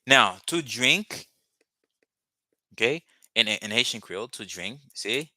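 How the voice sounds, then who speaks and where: A man's voice: medium pitch, expressive, slow, bright, forceful tone, dry recording, studio quality. A man teaching a live language lesson, patiently repeating words and phrases for his students.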